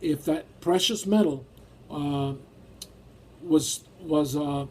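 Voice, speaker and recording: A man's voice: a little high, takes it slowly, darkish tone, slight background noise. A man preaching a sermon and reading scripture aloud in an emphatic way. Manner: emphatic, rises when acting out feelings.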